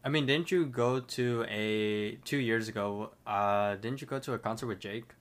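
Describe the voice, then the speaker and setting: A man co-hosts a relaxed podcast and mostly adds short remarks and questions. His voice sits a little low. He keeps his comments brief and casual. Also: moderate pace. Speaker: podcast co-host. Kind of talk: casual chat.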